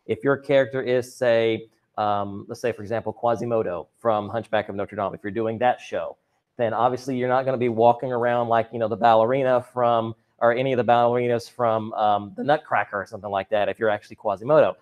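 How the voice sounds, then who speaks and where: A man's voice: mid-range voice, steady tone, a little fast, muffled recording. A man teaching a drama and chorus class over a video call, chatty and upbeat, with joking asides to his students. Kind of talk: virtual class lesson. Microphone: computer mic on a video call.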